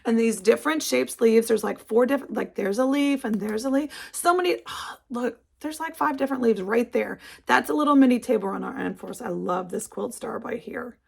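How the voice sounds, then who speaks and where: A middle-aged woman hosts a crafting video from her couch at home. She talks in a chatty, rambling way with lots of restarts. Her slightly high voice has a gravelly fry. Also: brisk. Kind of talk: casual chat. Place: indoors, sitting on a couch at home.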